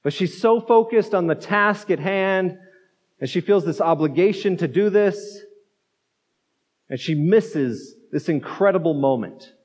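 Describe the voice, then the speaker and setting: A man's voice: high voice, lively intonation, unhurried, darkish tone. A man pastor giving a conversational sermon, repeating words as he goes and acting out the quotes. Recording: dull muffled sound in a reverberant hall.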